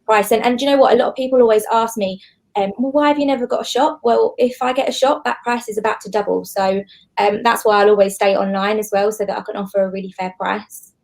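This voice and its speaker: A woman's voice: medium pitch, fairly even intonation, quick pace, vocal fry, darkish tone. A woman with an Essex accent, chatting casually about her bridesmaid dress prices as a podcast co-host, using lots of "like" and "um". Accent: Essex English. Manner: chatty, many "like" and "um" fillers.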